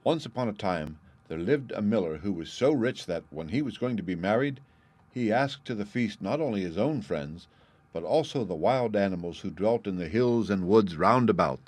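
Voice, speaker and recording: A man reading a fairy tale aloud as narrator, in a measured, clear storytelling manner. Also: fairly low pitch, expressive, a little mellow.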